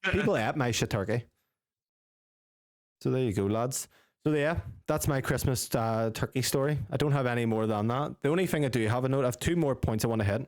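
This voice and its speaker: A man's voice: mid-range voice, a little fast, dry recording, studio quality. Sweary man telling a story. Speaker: podcast co-host. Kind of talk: casual storytelling with friends.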